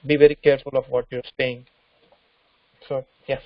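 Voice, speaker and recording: A man co-presenting an online webinar, adding advice in an earnest, measured way. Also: medium pitch, little pitch movement, no room sound. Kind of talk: instructional webinar talk. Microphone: video call. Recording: dull lo-fi call audio.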